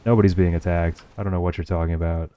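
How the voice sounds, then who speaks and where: Young male streamer, very low and mellow, swears freely, sarcastic asides to chat, faint room noise. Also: little pitch movement, quick pace, muffled recording. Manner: profane, sarcastic running commentary to chat. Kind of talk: casual livestream gameplay chat.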